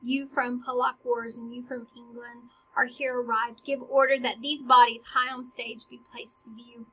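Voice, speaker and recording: Brief: slightly high, breathy woman, casual slangy classroom retelling, soft whispered asides. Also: level tone, normal speed, highs cut off. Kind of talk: casual scene summary with read quotes.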